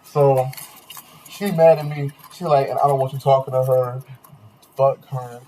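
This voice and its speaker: A young man hosting a podcast, telling a long dating story in slangy, animated casual chat with quoted voices. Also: mid-range voice, measured pace, slight background noise. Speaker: podcast host.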